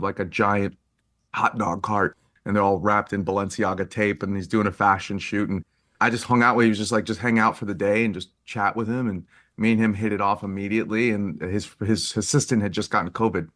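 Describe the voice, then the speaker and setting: Animated low-voiced man telling stories. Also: brisk. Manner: animated storyteller, acts out quoted speech, laughs often. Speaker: guest photographer. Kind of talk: casual interview storytelling.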